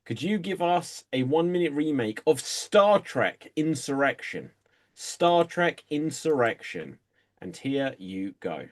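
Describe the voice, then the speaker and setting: A man hosting an improv comedy show, announcing games and calling time in a relaxed way. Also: fairly high pitch, a little slow.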